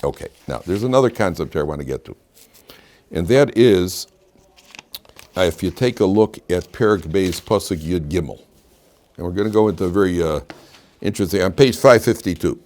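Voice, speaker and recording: A man's voice: low voice, fairly quick, pauses often, darkish tone. An older man from Chicago, teaching a casual Torah class, rambling through anecdotes with lots of restarts. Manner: chatty, digressive storyteller with frequent restarts.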